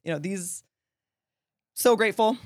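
A man's voice: sits high, measured pace, dry recording, studio quality. A man hosting a podcast interview, effusive and grateful, often repeating words as he talks. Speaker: podcast host. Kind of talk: casual interview chat.

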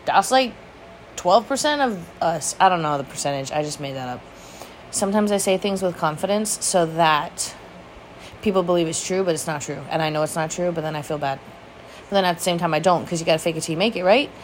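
A woman's voice: fairly low pitch, fairly quick, slight background noise. A woman hosting her own show, telling a rambling personal story in casual chat, swearing freely, laughing often and making fun of herself. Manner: self-mocking, rambling asides. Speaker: vlog host.

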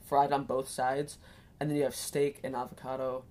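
Giggly woman host with a low voice, loose rambling chatter. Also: level tone, normal speed, a little mellow. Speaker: podcast host. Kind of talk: casual chat.

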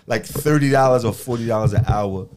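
A man co-hosting a podcast, teasing the guest and asking questions with jokes. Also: darkish tone. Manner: joking, teasing, drops low when making a point. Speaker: podcast co-host. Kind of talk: casual chat.

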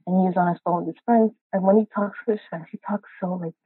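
A woman's voice: lowish voice, fairly even intonation, breathy edge, dry recording. Frustrated woman caller on a tinny line. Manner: frustrated, halting, many restarts. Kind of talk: live call-in chat. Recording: dry tinny call line.

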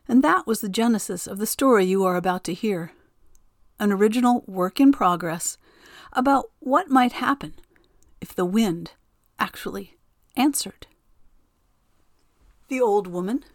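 A woman narrating a storybook tale in a gentle, expressive way. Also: mid-range voice, unhurried, pauses often, dry recording, studio quality.

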